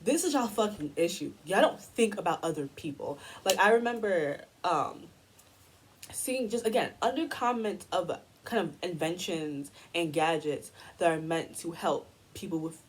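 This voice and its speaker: Heated, husky young woman ranting. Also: medium pitch, low-quality recording. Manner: heated, profane, exasperated. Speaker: commentary YouTuber. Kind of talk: ranting commentary.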